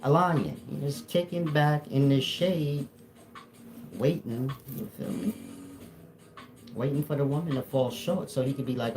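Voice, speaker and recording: A man's voice: mid-range voice, unhurried, pauses often. A man with an African American Vernacular English accent, speaking as a spiritual teacher to a live audience, blunt, profane and joking.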